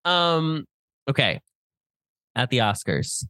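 A man chatting as co-host of a film podcast, teasing his friends with wry asides. His voice sits at a middling pitch, and the sound is close and dry with no room to it. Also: big pitch swings, takes it slowly, sharp tone, dry recording. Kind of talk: casual chat.

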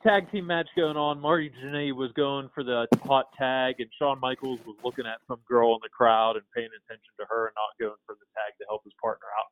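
A man's voice: medium pitch, steady tone, brisk, few pauses, dry recording. Male podcast co-host, rambling storyteller, dry dull lo-fi audio. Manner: rambling, repeats words while telling a story. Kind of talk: casual storytelling chat.

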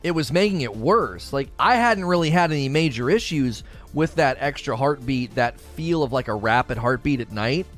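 A man's voice: mid-range voice, animated, moderate pace, hardly any pauses, faint music behind. A man chatting casually on a livestream, reading chat messages aloud and telling rambling stories. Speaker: streamer.

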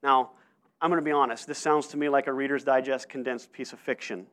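A man preaching a sermon to his church, telling stories in an animated way with frequent restarts. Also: mid-range voice, fairly quick. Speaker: pastor.

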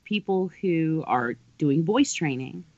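A man's voice: on the high side, lively intonation, slow, dry recording. A man in casual podcast chat, explaining things in a knowledgeable way. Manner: explanatory, knowledgeable about voice training. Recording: dry, dull lo-fi sound.

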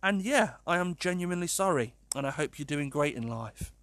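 A man hosting a casual podcast monologue, animated and sweary, laughing at his own jokes. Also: on the high side, a little fast, no room sound. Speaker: podcast host.

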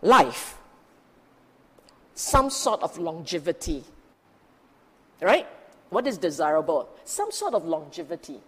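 Female dharma teacher, unhurried, emphatic, rhetorical questions; long hall echo. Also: lowish voice, very animated, a bit bright, slightly rough. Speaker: Buddhist teacher. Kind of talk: dharma talk.

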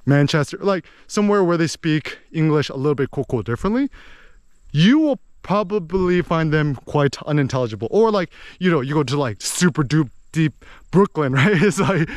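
Animated, smooth-voiced American man. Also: a little high, no room sound, studio quality. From United States. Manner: animated and digressive, many asides and tag questions. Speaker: speaker on language learning. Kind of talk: casual explanatory monologue.

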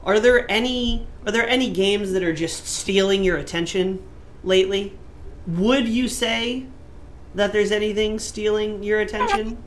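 A man's voice: high voice, measured pace, slight background noise. A man hosting a casual gaming podcast, asking playful, mock-dramatic questions. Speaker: podcast host.

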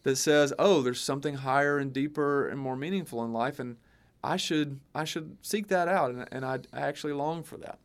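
A man co-hosting a podcast, a teacher, talking in an animated storytelling way and quoting others. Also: a little high, a little fast. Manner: animated, storytelling with quoted voices. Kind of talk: casual podcast discussion.

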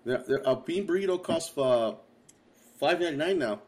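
A man co-hosting a casual podcast chat, emphatic and animated, repeating himself as he talks. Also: fairly high pitch, moderate pace. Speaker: podcast co-host.

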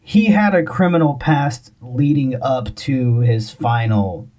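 A man's voice: mid-range voice, lively intonation, takes it slowly, warm tone. A man from Louisiana co-hosting a podcast, joking and teasing in casual chat. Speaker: podcast co-host and editor.

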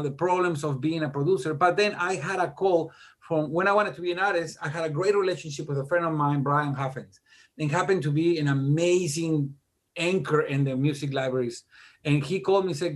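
A middle-aged man chats as an interview guest with a slightly high, lively voice. He tells his stories with animated, self-mocking humor and laughs at himself along the way. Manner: animated, self-deprecating joker. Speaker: guest music producer. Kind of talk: casual interview storytelling.

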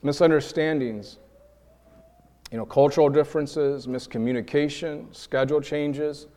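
A preacher from New York giving a lively sermon, acting out quoted voices and repeating words as he builds his points. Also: fairly high pitch, a little slow. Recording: long reverb of a large hall.

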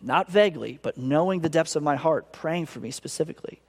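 A male pastor preaching a sermon in an earnest, expressive way. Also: fairly quick, big-room sound. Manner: earnest, acts out inner voices with big pitch swings.

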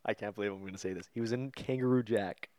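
A man's voice: on the low side, fairly quick, darkish tone, dry recording, studio quality. A man co-hosting a movie podcast in casual chat, enthusiastic and swearing freely. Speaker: podcast co-host.

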